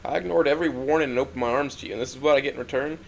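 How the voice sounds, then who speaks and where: Guy reading a heavy first person story, gets all emotional, kinda raspy low-key fry. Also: racing, slight background noise. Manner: emotional, swings from hurt to shouting anger. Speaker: narrator.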